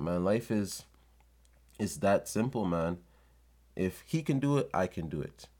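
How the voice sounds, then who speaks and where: A man's voice: deep voice, darkish tone. A man talking casually and bluntly, giving street-wise motivational advice in a monologue.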